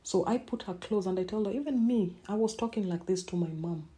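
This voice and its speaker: A middle-aged woman hosting a podcast, telling a personal story in an emotional, halting way and repeating words as she speaks. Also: mid-range voice, dark tone, breathy edge. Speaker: podcast host.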